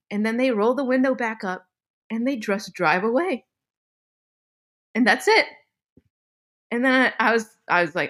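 A young woman podcast host telling a story in a casual chat, animated and laughing often, with some swearing. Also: on the high side, measured pace, long pauses. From Midwestern United States.

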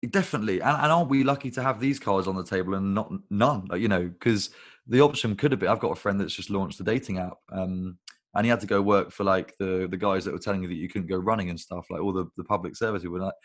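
Deep-voiced man telling rambling stories. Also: quick pace. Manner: rambling, swears freely, animated storytelling. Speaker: guest, recruitment business founder. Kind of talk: casual conversational interview. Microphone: video call.

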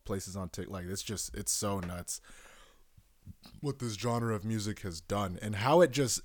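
A man's voice: lowish voice, a little slow, no room sound, studio quality. A young man hosting a solo podcast, rambling casually with lots of swearing and restarts. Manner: rambling, profane, self-correcting. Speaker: podcast host.

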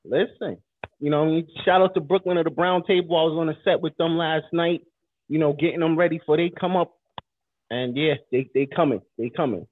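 A man's voice: on the high side, fairly quick. Laid-back man on a tinny line. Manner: laid-back, slangy, repeats "listen". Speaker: host. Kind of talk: casual chat. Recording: tinny phone-like line with faint noise.

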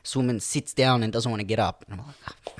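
A young man co-hosting a casual chat, telling stories with lively acted-out quotes and frequent laughs. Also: medium pitch, fast talker. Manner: animated storyteller, acts out quotes, laughs often. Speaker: podcast co-host.

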